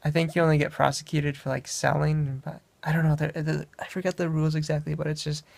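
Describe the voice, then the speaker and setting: A man's voice: fairly high pitch, little pitch movement, fast, gravelly, dry recording. A young man from Wisconsin, casually telling a travel story in a meandering way, often correcting himself. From Wisconsin, USA. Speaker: vlogger.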